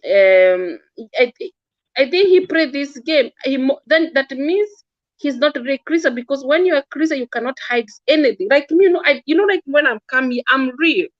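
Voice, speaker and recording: A woman's voice: sits high, lively intonation, normal speed, no room sound, muffled recording. A woman giving impassioned religious-political commentary, earnest and scolding, often repeating and stumbling over words. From Kenya.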